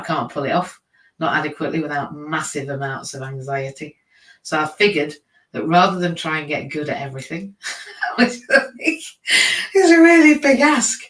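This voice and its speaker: A man's voice: on the high side, pushed and bright. Guy livestreaming, rambly and self-mocking, mic kinda far off, echoey room. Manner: rambling, self-deprecating, laughs often. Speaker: live stream host; teacher. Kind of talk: casual live-stream monologue. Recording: roomy, from a distance.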